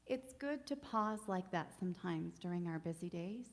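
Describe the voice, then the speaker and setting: A woman's voice: lowish voice, normal speed, hardly any pauses, a little hiss or hum. Choir director woman in a reverberant room. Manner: calm, gentle guided breathing, then upbeat coaching. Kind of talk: virtual choir warm-up and instruction.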